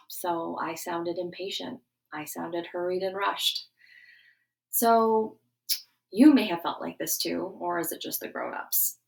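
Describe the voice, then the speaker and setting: A middle-aged woman giving a gentle morning lesson to schoolchildren, coaxing them through a breathing exercise. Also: fairly low pitch, a little slow, vocal fry. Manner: warm, coaxing teacher voice, guiding breathing. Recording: voice a bit distant from the mic.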